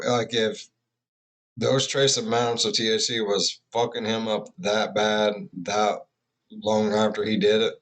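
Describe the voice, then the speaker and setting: A man's voice: on the low side, a bit bright. A man giving rambling, profane, casual commentary as a reaction video host.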